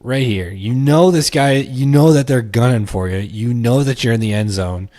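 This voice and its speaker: A man hosting a live stream, chatting excitedly and thinking aloud as he watches a football game. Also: medium pitch, normal speed. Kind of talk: casual watch-along commentary. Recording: clear noise with clicks.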